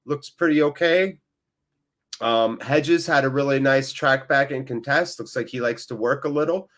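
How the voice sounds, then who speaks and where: Chatty man calling a match live. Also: a little high. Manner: chatty, reads viewer comments, jumps into excited play-by-play. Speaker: fan channel host. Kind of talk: live match watchalong commentary.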